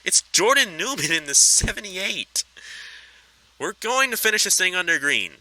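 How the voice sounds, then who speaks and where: Bright, excitable male race commentator. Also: normal speed, low-quality recording. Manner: excitable, pitch shooting up at close racing; chatty, explains replays. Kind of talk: sim racing play-by-play commentary.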